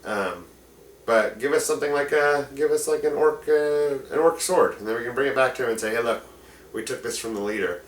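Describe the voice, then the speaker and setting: A man's voice: medium pitch, fairly quick, roomy sound, natural voice. A man voicing a casual male adventurer who talks in a laid-back, conspiratorial way. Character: casual young male adventurer cutting a deal.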